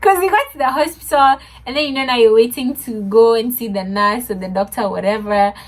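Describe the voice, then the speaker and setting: A young woman telling a funny story, animated, laughing often and mixing in Swahili words. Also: a little high, brisk. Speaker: vlogger. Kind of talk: casual storytime.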